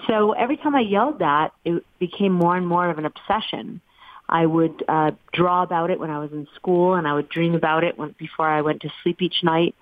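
A low-pitched woman tells her story with earnest feeling. She sounds middle-aged, and her voice comes through a thin, dry phone line. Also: level tone, normal speed, no echo. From United States. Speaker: guest, animal sanctuary founder. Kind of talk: telling her life story in an interview.

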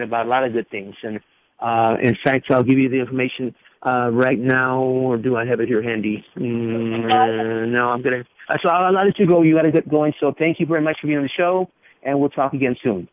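A man's voice: medium pitch, fairly even intonation. Male radio host, chatty and rambling, heard through a narrow tinny radio band. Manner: rambling, spells things out slowly. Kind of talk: casual radio talk. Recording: tinny phone-like radio audio.

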